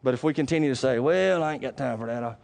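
A male pastor preaching a sermon, conversational and plain-spoken, moving between loud emphatic stretches and quiet asides. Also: medium pitch, quick pace, gravelly.

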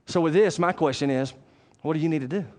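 A male pastor preaching a sermon, conversational and plain-spoken, moving between loud emphatic stretches and quiet asides. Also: on the high side, fast.

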